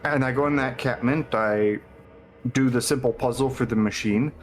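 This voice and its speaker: A man's voice: medium pitch, normal speed, soft background music, rough recording. Laid-back man telling a run-on story. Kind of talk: casual chat.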